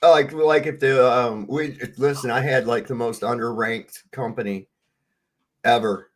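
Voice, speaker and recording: Husky man telling army stories. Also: medium pitch, unhurried. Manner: animated anecdote teller, acts out the voices he quotes. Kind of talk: casual chat, storytelling.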